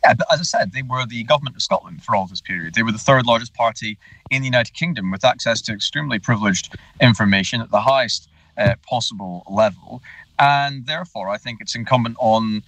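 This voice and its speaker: A man's voice: medium pitch, fairly quick, a bit bright, no echo. A male politician speaking in a radio interview by phone, making an insistent, argumentative case. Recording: distant, unsteady phone line.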